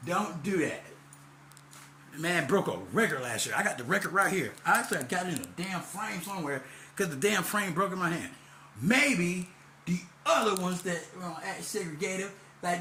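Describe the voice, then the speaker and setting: Man ranting to camera, rambling, angry, profane, bright forceful tone. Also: high-pitched, reverberant, a little hiss or hum. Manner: loud and heated in the second half. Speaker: vlogger. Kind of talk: ranting monologue.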